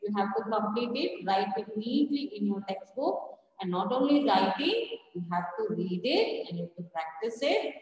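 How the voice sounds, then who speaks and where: A woman's voice: medium pitch, very animated, normal speed, a little mellow. A woman teacher giving a recorded lesson, spelling words out letter by letter. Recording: echoey room, voice far from mic.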